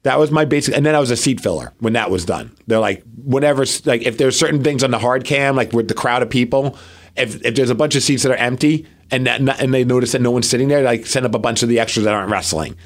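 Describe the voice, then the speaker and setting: A man's voice: medium pitch, quick pace. A man co-hosting a podcast, telling a long story in casual chat and acting out what others said. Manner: animated, acts out quotes of others. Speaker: podcast co-host.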